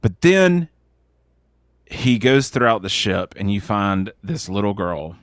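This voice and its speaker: Animated joking male podcast host. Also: on the low side, takes it slowly, no room sound, clean studio sound. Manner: joking, tangent-prone, swears lightly. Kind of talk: casual movie review chat.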